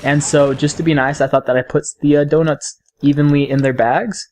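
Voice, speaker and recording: A man's voice: fairly high pitch, fairly even intonation, brisk, a little mellow, slight background noise. A young man hosting a gaming channel, telling rambling, chatty stories while he plays. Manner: rambling, chatty storytelling between game reactions. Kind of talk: casual gameplay commentary.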